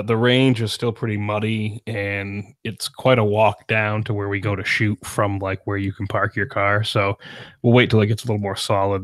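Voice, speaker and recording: Relaxed, easygoing podcast host man. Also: fairly low pitch, no echo. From central Maine. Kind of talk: casual podcast chat.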